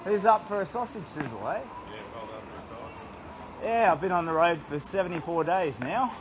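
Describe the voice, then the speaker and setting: A man's voice: high-pitched, lively intonation, moderate pace. An Australian man chatting and joking cheerfully while he walks along a town street and greets locals, recorded on a camera strapped to his chest. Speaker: charity walker greeting locals. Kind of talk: casual chat while walking. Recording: street noise.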